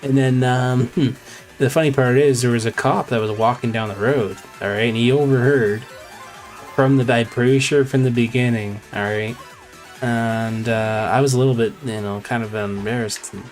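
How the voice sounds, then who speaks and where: A man chatting on a game stream, at an ordinary pitch for a man. He rambles through a story with many fillers and restarts. Faint music plays in the background. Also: fairly even intonation, normal speed, a little mellow. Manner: rambling, filler-heavy, repeats "I said". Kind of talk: casual storytelling chat.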